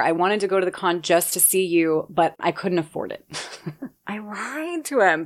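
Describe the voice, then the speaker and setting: A woman from Nebraska telling a personal story in a casual way, excitable, swearing freely and laughing as she goes. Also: fairly low pitch. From Nebraska, USA.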